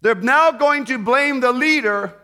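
A man's voice: very high-pitched, unhurried. A middle-aged man preaching a sermon, reading scripture and retelling it expressively, joking with his listeners. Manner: expressive, rising and falling in volume, jokes with the audience.

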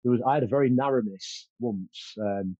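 A man's voice: mid-range voice, moderate pace, mellow, dry recording, lo-fi sound. A man telling stories as an interview guest, confident and boastful, with many fillers and restarts. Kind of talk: casual storytelling.

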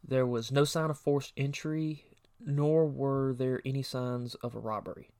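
A man at a medium pitch narrating a true crime podcast as co-host. He reads through a prepared case summary in a steady, even delivery. Now and then he drops in a short personal aside.

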